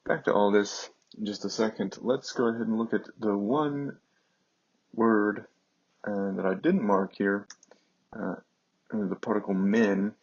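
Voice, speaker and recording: A man teaching a classics lesson, speaking slowly and haltingly over on-screen text, with many fillers. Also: on the low side, vocal fry, a little mellow, husky, dull audio.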